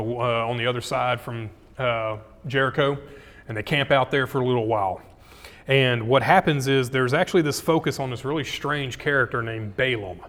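A male pastor preaching a sermon in a casual, animated way, full of slang. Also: mid-range voice. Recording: echoey hall.

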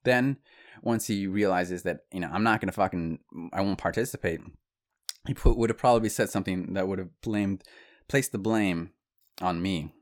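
A man's voice: sits low, normal speed. A man telling a personal story to viewers in a casual, conversational monologue, with asides and restarts.

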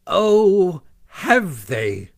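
A man's voice: high voice, sing-song, extremely slow, creaky, voice pushed up, full character voice. A man voicing a boastful, hot-tempered male toad in an audiobook reading, blustering and indignant. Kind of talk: audiobook character voice.

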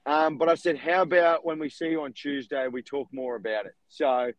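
A man's voice: fairly high pitch, normal speed, no room sound, muffled recording. Young man telling a story, dry sound. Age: young adult. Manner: animated storytelling with laughs. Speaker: podcast co-host, real estate agent. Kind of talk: casual chat.

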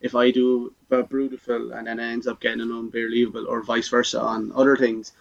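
A man's voice: mid-range voice, monotone, fairly quick, vocal fry, dull audio. A man co-hosting a podcast, explaining his view in a rambling way. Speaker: podcast co-host. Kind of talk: casual chat.

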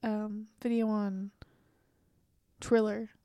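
A woman's voice: medium pitch, little pitch movement, slow, dark tone, clear, resonant tone, no room sound, studio quality. A young woman co-hosting a casual podcast, chiming in with short supportive details. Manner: supportive, adds short prompts. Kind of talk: casual chat.

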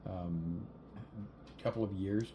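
A man co-hosting a podcast, delivering news in a measured, halting way with many fillers. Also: low-pitched, fairly even intonation, a crowd in the background. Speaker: podcast co-host. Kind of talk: casual chat. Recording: faint background noise.

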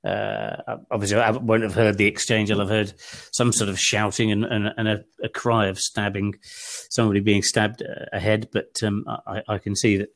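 A man playing his character in a tabletop role-playing game, thinking aloud deliberately. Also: lowish voice, level tone, creaky. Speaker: player. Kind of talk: casual tabletop role-play.

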